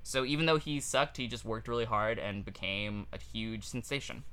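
A man co-hosting a comedy history podcast, his voice bright and clear at a middle pitch. He talks casually and jokes as he goes, slipping crude asides into the story. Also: normal speed. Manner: jokey, loose, laughs at his own lines. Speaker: podcast co-host.

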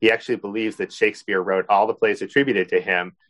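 A man's voice: lowish voice, steady tone, fast talker, fairly bright tone. A man being interviewed as an author, telling a friendly anecdote about how his book began. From Boston area. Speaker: author guest. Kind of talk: interview answers, storytelling.

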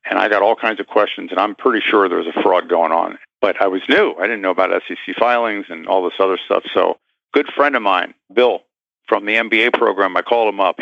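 A man's voice: on the low side, creaky, no room sound, muffled recording. A man guest in an interview, telling a story with animation and acting out the voices of the people in it.

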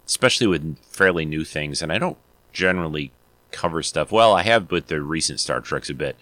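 A man's voice: extremely low pitch, animated, a little fast, fairly bright tone, dry recording. A man hosting his podcast in a loose, rambling chat full of fillers and restarts. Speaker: podcast host. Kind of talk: casual solo podcast chat.

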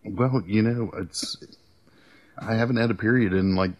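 A middle-aged man with a fairly low voice trades crude jokes in loose podcast banter. He rambles, restarts his sentences and stumbles over his words as he goes. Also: steady tone, normal speed, slight background noise. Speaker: podcast co-host. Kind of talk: casual banter.

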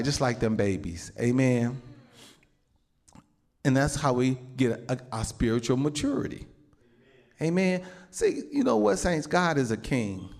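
A male pastor preaching a sermon to his congregation, peppering his talk with amens and calling out to the saints. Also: fairly high pitch. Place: church building with a congregation.

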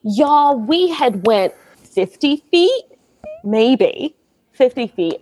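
A woman, telling a family story in a lively, animated way and acting out what people said. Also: high voice, slow pace, a little hiss or hum. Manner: lively, laughing, acts out quotes.

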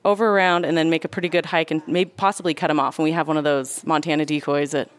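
A woman telling a hunting story in casual talk, animated, acting out what people said. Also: deep voice, clear, resonant tone. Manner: animated, quick, acts out quotes. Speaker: guest storyteller; hunter and nurse.

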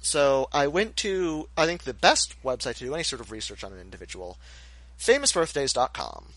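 A man's voice: medium pitch, big pitch swings, a little fast, fairly bright tone, dry recording. A man co-hosting a podcast in casual chat, sarcastic and mock-indignant. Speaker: podcast co-host.

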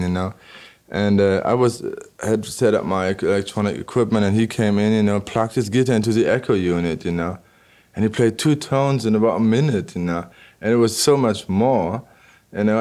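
Halting low-voiced man, endless fillers. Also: darkish tone. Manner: halting, constant "you know" fillers, frequent restarts. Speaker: electronic musician guest. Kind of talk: conversational interview answers.

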